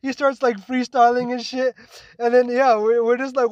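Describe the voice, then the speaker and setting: A man's voice: extremely high pitch, little pitch movement, normal speed, no echo, dull audio. A young man from Toronto, co-hosting a podcast and telling a long story in casual chat, swearing often and tagging lines with "right?". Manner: rambling storyteller, heavy swearing, frequent "like" and "right?". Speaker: podcast co-host.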